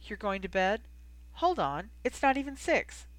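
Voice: medium pitch, sing-song, a little slow, dry recording, pitched above the performer's own voice. A reader voicing a blunt, protective young man. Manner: grumbling, short-tempered. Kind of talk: audiobook character reading.

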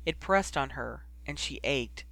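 Man, audiobook narration, steady reading, bright voice, dry close recording. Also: medium pitch, unhurried, creaky, no room sound. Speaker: audiobook reader. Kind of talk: fan fiction narration.

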